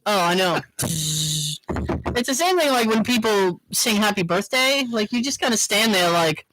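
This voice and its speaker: A woman co-hosting a podcast in casual chat, chatty and quick to laugh. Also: medium pitch, background noise. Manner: animated, laughs often, chatty. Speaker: podcast co-host.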